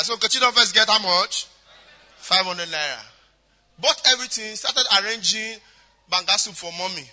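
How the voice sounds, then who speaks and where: A Nigerian man preaching a storytelling sermon, animated, sliding into pidgin and acting out voices. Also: high voice, moderate pace. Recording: echoey hall.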